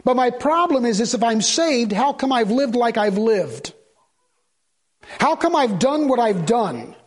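A preacher with a strikingly high male voice delivers a sermon. He reads scripture in slow, measured phrases. Then he presses his points with rising, insistent emphasis. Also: big pitch swings.

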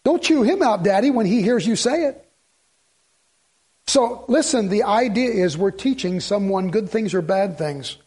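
A middle-aged man preaches with a husky, slightly breathy voice set high for a man. He speaks in a folksy, emphatic way, pressing his listeners with rhetorical questions. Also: lively intonation, a little slow, a little mellow. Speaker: pastor. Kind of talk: sermon.

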